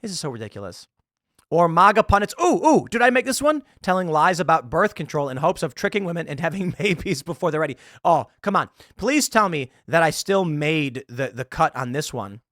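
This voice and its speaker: A man in his thirties delivers a sarcastic, ranting political commentary monologue, scoffing at an article as he reads it aloud. His voice sits fairly high and leaps up and down in pitch. The sound is dry and close, with no room echo. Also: sing-song, fairly quick, a bit bright. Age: 30s. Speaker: commentary show host.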